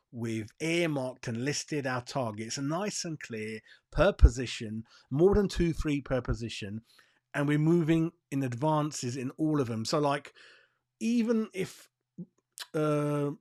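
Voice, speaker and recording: A man's voice: medium pitch, animated, slow, a little mellow. A man hosting a football fan channel, giving a blunt, profane and fired-up rant on transfer news. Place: seated, in a dry room.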